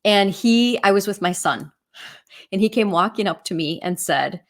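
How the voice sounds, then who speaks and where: A woman's voice: mid-range voice, lively intonation, moderate pace. A middle-aged woman from the Midwest US, a real estate agent, teaching in a casual, chatty way and telling stories with frequent "right?" and "you know" asides.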